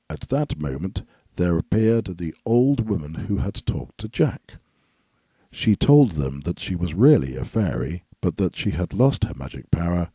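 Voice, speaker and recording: A man narrating a fairy tale in a measured, expressive storybook reading. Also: low-pitched, breathy edge, no echo.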